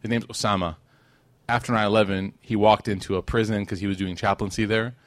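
A man teaching a casual, storytelling religious lesson, animated and joking with his audience, with short stretches of Arabic recitation. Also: on the low side, brisk, no room sound. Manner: animated, conversational, jokes with the audience. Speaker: Islamic teacher.

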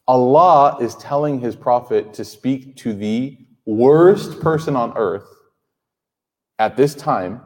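A man's voice: medium pitch, lively intonation, slow, a little mellow. A man in his thirties giving a sermon to a live audience, conversational and joking, often asking the crowd questions. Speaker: Islamic speaker. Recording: hall reverb.

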